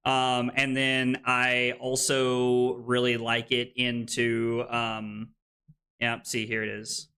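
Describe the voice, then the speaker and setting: Bright-voiced man streaming a card game. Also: medium pitch, completely flat delivery, takes it slowly, clean tone. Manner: casual, frustrated, swearing. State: hiccuping, throat irritated.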